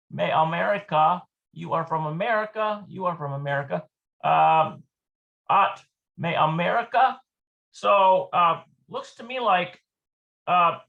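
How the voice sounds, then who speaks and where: A man's voice: sits high, a bit bright. A man teaching an informal Hebrew lesson, thinking aloud as he explains each point. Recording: dull lo-fi recording.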